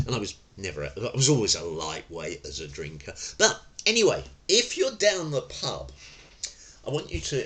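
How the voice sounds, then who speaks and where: An older Englishman gives an informal lesson in a low, deep voice. His tone is bright and forceful. He wanders off on tangents and corrects himself as he goes. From London, England. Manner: chatty and digressive, with frequent fillers and self-corrections. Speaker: tai chi and self-defence instructor.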